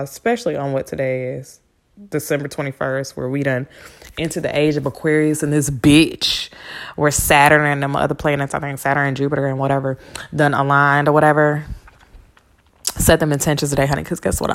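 A woman's voice: deep voice, steady tone, a little fast. A woman hosting a podcast in a casual, rambling monologue, cursing freely as she encourages her listeners. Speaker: podcast host. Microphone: podcast microphone.

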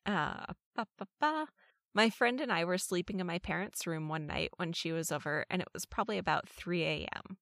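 A woman's voice: fairly low pitch, moderate pace, fairly bright tone, dry recording, studio quality. A woman co-hosting a podcast, chatting and reading listener stories with wry, amused emphasis. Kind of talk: casual podcast chat and story reading.

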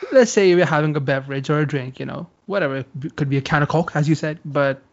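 A man's voice: fairly high pitch, quick pace, slight background noise. Rambling man explaining, muffled sound. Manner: rambling, explains at length with many fillers. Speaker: podcast co-host. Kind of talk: casual chat.

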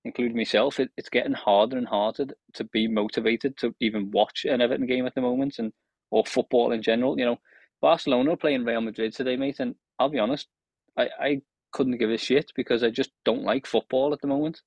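A man's voice: mid-range voice, fairly even intonation, fairly quick, a little mellow, no room sound. A man co-hosting a casual football podcast, speaking steadily and frankly. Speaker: podcast co-host. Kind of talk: casual chat. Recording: dry, dull lo-fi sound.

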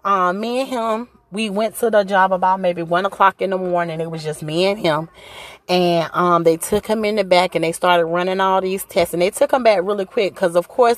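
A woman's voice: mid-range voice, no room sound. A woman, a mother who works at a hospital, tells a personal story in a conversational, emotional way with many fillers.

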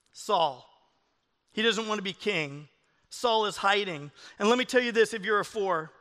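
A middle-aged man, a pastor, preaching a sermon with animated, jokey storytelling. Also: sits high, in a large hall.

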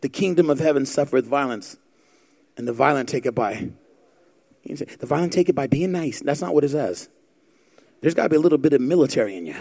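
A man's voice: medium pitch, animated, a little fast, gravelly, pauses often, warm tone. A middle-aged male pastor preaching a fervent sermon, quoting scripture and firing rhetorical questions at the congregation.

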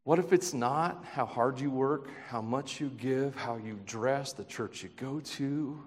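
A man preaching a sermon as a pastor, swinging from loud emphatic passages to quiet, hushed questions, with self-deprecating asides. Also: medium pitch, unhurried. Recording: long reverb of a large hall.

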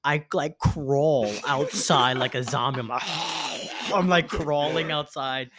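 A man's voice: fairly high pitch, unhurried. Young guy podcast host, rambling party story, says like a lot, swears. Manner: animated storytelling, lots of filler "like", swearing. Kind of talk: casual chat.

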